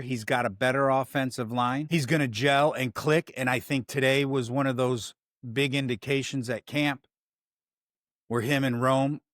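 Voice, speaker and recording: A man's voice: medium pitch, no room sound, clean studio sound. A man with a Chicago accent hosting a casual sports talk show, rambling, swearing and breaking off his own sentences. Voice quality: profane, rambling, self-interrupting. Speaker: sports podcast host.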